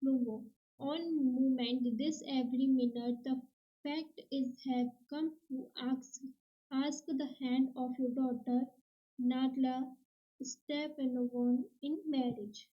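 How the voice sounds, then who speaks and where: A woman reading a play aloud for a lesson, haltingly and word by word. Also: high voice, flat delivery. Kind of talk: slow read-aloud lesson. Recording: dull lo-fi recording.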